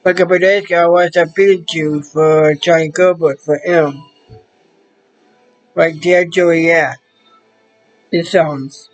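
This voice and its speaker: A man chatting casually to the camera as a vlogger, rambling in halting, loosely strung phrases. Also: fairly high pitch, steady tone, lo-fi sound, faint music behind.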